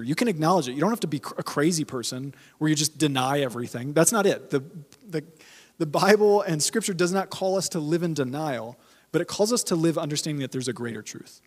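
A man's voice: fairly high pitch, expressive, quick pace, in a large hall. A man preaching a sermon as pastor, conversational and emphatic, repeating key phrases for weight.

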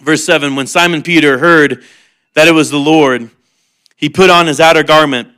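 A man's voice: on the high side, steady tone, moderate pace, bright, forceful tone, smooth. A man preaching a sermon in an earnest, conversational way, mixing humor with heartfelt appeal. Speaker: pastor.

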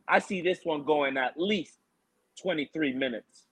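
A man co-hosting a fight preview show, ranting in an animated, mocking and exasperated way. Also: a little high, unhurried, breathy edge, low-quality recording. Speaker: MMA show co-host.

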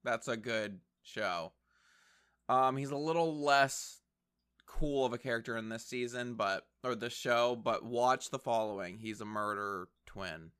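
With a smooth, fairly bright mid-range voice and a slightly slow delivery, this reaction commentator chats and wisecracks over a show. He keeps talking back at whatever is on screen.

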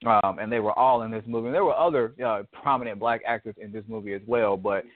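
A man telling a rambling story in a relaxed, casual chat. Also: on the low side, quick pace, no echo. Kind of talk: casual chat about a movie. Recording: dry tinny phone line.

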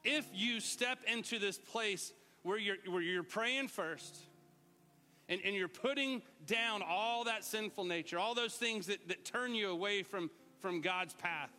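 A middle-aged man preaching a lively sermon, sometimes shouting out words to show what they mean. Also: sits high, unhurried, in a large hall, faint music behind. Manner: animated, shouts out words to demonstrate. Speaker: pastor.

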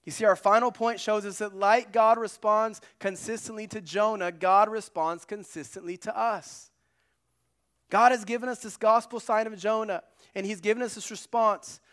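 A male pastor preaching a sermon in an earnest way, moving between loud emphasis and hushed asides. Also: sits high, steady tone, normal speed, clear, resonant tone.

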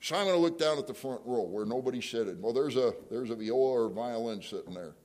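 A man preaching an evening church sermon, conversational, full of rhetorical questions and restarts, moving between loud challenges and quiet prayerful asides. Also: medium pitch, expressive, quick pace, hardly any pauses. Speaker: pastor.

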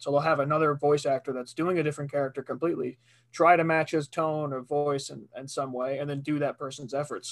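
A man, a voice actor, chatting casually on a podcast as a guest, joking, swearing freely and laughing often. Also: medium pitch.

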